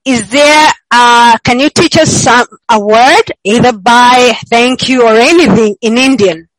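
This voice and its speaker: A woman's voice: fairly high pitch, unhurried, no echo, poor audio. A woman hosting a podcast interview, asking questions and encouraging her guest with frequent murmurs of agreement. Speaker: podcast host.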